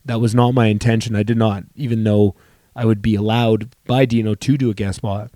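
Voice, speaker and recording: Mellow-voiced comedian spinning a story. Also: male voice, on the low side, flat delivery, a little fast, no echo, clean studio sound. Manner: rambling, profane, self-interrupting. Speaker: comedian and podcast host. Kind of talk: casual solo storytelling.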